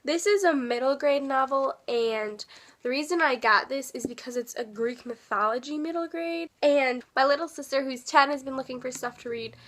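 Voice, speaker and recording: A young woman chatting about her new books in a bubbly, self-deprecating way. She is sick and often drops into a soft whisper. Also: sits high, normal speed. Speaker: book vlogger. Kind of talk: casual book haul chat.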